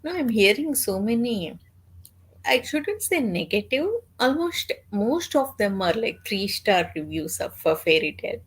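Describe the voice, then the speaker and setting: A woman chatting on a reading stream, easygoing and teasing, with some hesitant pauses. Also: medium pitch, very animated, husky. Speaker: guest reader on the stream. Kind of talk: casual chat.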